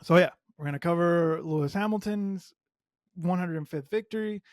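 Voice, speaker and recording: A man hosting a solo motorsport podcast, a native Spanish speaker talking in English, animated and emphatic with strong opinions. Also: sits high, moderate pace, no room sound, studio quality. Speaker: podcast host.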